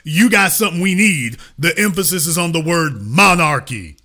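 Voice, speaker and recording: A man's voice: fairly high pitch, animated, moderate pace, pushed and bright. A middle-aged man hosting a political commentary show, talking in an emphatic, sarcastic preaching cadence.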